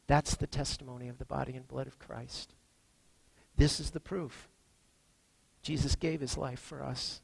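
A man preaching a sermon as pastor, earnest, reading scripture and moving between hushed and emphatic lines. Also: medium pitch, steady tone, measured pace, gravelly, long pauses, husky, no room sound, low-quality recording.

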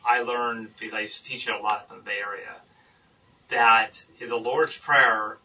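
A man leading a Bible study discussion, explaining scripture in an emphatic, animated teaching manner. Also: on the low side, normal speed. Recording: distant mic with faint noise.

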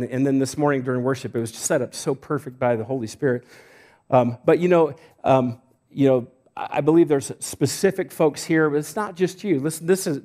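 A man's voice: mid-range voice, a little mellow. A middle-aged man from Idaho preaching a sermon as a pastor, conversational, with frequent restarts and self-deprecating jokes. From Idaho, United States.

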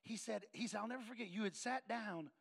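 Gravelly high-voiced preacher telling a story. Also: male voice, a little fast. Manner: animated storyteller acting out dialogue. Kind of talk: sermon storytelling.

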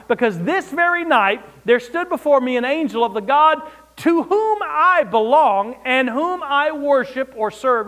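A man preaching a sermon, expressive, rising and dropping for emphasis, with wry asides. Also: very high voice. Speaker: pastor.

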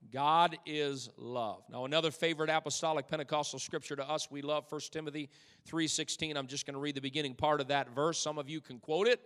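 A man preaches a sermon in a church, his high voice ringing with a long reverb around it. He swings from hushed, slow phrases to loud, fervent lines and fills his pauses with "uh". The tone stays smooth and resonant throughout. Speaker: pastor.

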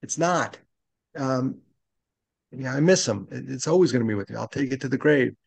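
A man's voice: mid-range voice, normal speed, gravelly, breathy edge, dry recording. A man in his late fifties, a podcast guest, talking earnestly and reflectively in conversation. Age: 50s. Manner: earnest and reflective, speaks openly about loss. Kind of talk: conversational interview.

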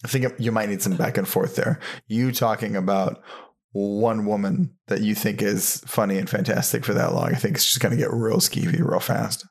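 A man's voice: fairly low pitch, normal speed, creaky, slightly rough. A man co-hosting a podcast in a casual chat, joking in a dry way. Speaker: podcast co-host.

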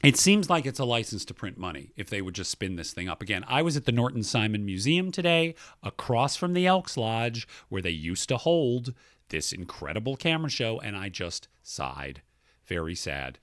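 Guy co-hosting a podcast, bouncy pitch all over the place, bright voice, dry close sound. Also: sing-song, a little fast, dry recording. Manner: enthusiastic, reads listener mail aloud. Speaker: podcast co-host. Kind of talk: casual chat.

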